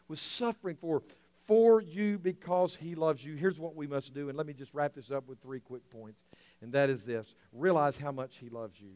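A male pastor preaching a sermon, swinging from near shouts down to quiet, intimate asides, with organ-like music underneath. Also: on the high side, no echo. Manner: impassioned, rising to near shouts then dropping to quiet intimacy.

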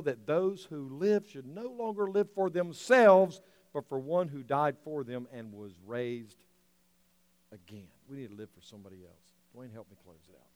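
A male pastor preaching a sermon, swinging from near shouts down to quiet, intimate asides, with organ-like music underneath. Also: mid-range voice, no room sound. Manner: impassioned, rising to near shouts then dropping to quiet intimacy.

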